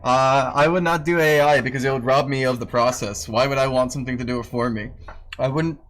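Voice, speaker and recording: A man's voice: medium pitch, fairly even intonation, fairly quick, a bit bright. A man talks casually on a live stream from home, his voice sitting in an ordinary middle register. He teases his dog and grumbles about a tedious task, swearing freely and laughing at himself. A faint hiss of background noise sits under the recording.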